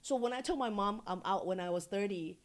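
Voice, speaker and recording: A woman from Singapore talks candidly as a podcast guest, swearing freely as she tells stories. Her voice sits at a middle pitch, and she switches easily between quiet asides and animated bursts. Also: fairly quick. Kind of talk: casual interview storytelling.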